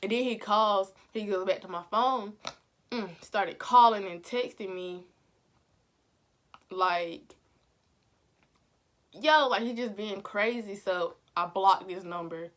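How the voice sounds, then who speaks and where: Young woman telling a story, animated and slangy. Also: mid-range voice, takes it slowly, long pauses. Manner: animated and slangy, acting out the exchanges. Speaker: vlogger. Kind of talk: casual storytelling.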